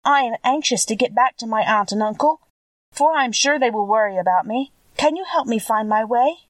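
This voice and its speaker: A woman's voice: fairly high pitch, fairly quick, dry recording, far from the mic, pitched above the performer's own voice, close to an everyday voice, low-quality recording. A woman voicing Dorothy, an anxious, lonely young girl who pleads in a storybook reading.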